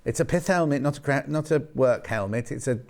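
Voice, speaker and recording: A man's voice: medium pitch, fairly quick. A man presenting fabrics on a live home-shopping show, chatting and rambling between asides as he reads out prices. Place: TV studio.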